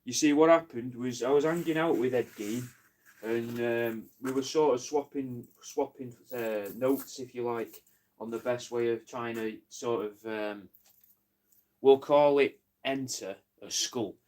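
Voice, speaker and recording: A man's voice: medium pitch, unhurried, darkish tone. A man in casual livestream chat, rambling, joking and swearing while he lists crafts for sale.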